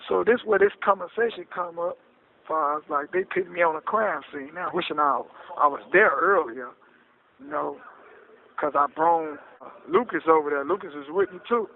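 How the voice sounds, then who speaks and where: Raspy man storytelling over a phone line. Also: a little high, moderate pace. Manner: animated, repeats "you hear me?". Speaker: interview guest recounting his case. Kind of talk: casual storytelling interview. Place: prison phone call.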